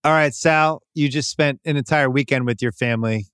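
A man co-hosting a sports podcast in casual chat, blunt and quick to swear. His voice sits in an ordinary middle register. The sound is dry and close, with no room around it. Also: mid-range voice, a bit bright, clear, resonant tone, dry recording. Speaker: podcast co-host.

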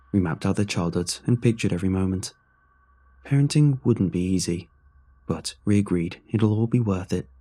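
Brief: low, dark-toned male narrator, husky, somber horror reading. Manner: somber, measured first-person telling. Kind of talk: scripted horror story narration.

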